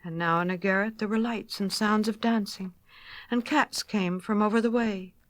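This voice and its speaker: A woman reading a children's storybook aloud, gentle and expressive, sometimes dropping to a near whisper. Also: mid-range voice, normal speed, no room sound.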